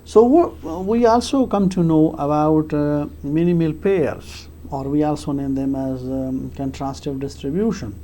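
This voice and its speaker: Lecturer, mellow tone, hesitant, repeats points while explaining. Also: mid-range voice. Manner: halting, with frequent fillers and restarts; repeats key phrases for emphasis. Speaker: English teacher.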